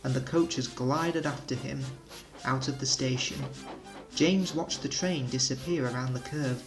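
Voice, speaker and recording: A man narrating a children's railway storybook with gentle, expressive storytelling. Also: mid-range voice, unhurried, over music, rough recording.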